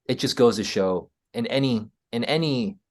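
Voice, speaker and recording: A man's voice: mid-range voice, normal speed. A man with an American accent, a podcast guest explaining his ideas in casual interview talk, earnest, often checking in with "right?". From United States. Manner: earnest, explaining, frequent "right?" tags and restarts.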